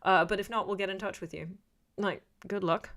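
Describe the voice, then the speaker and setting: A woman's voice: medium pitch, fairly even intonation, a little fast, a bit bright. A woman chatting casually on a livestream, reading chat and rambling off on tangents in a self-deprecating way. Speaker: YouTuber reading live chat.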